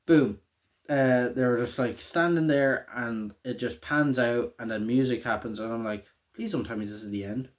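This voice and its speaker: A young man, casually recapping a show in a rambling, excitable way with a lot of swearing and laughter. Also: medium pitch.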